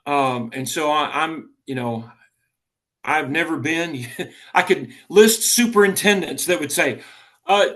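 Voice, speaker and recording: A man, a political candidate talking earnestly in a casual interview, often halting and restarting. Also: fairly high pitch, a bit bright.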